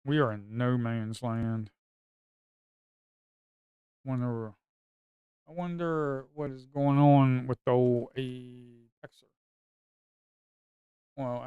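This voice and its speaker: A man's voice: medium pitch, smooth, no echo. Grumbling male day trader, dry close mic. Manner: grumbling, talks to viewers as folks, sudden excited outbursts. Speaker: day trader streaming live. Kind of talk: casual live market commentary.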